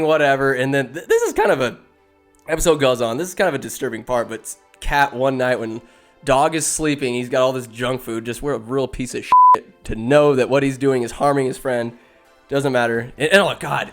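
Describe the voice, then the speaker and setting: Rambling excitable man podcasting. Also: medium pitch. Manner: excitable, swears, laughs often. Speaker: podcast host. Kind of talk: rambling casual commentary.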